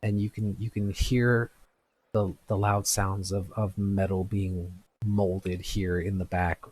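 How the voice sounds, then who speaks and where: A man's voice: deep voice, little pitch movement, darkish tone, a little hiss or hum. A man narrating a tabletop game as game master, with frequent restarts and fillers. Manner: halting, many restarts and fillers.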